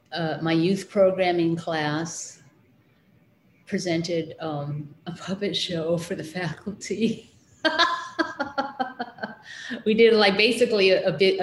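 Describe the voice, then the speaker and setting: A middle-aged woman with a low voice talks through her memories in a relaxed interview. She hesitates often, filling pauses with ums and starting over. Her voice rings in an echoey room with faint noise behind it. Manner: hesitant, many fillers and restarts. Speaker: interviewee, children's librarian. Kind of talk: casual interview recollection.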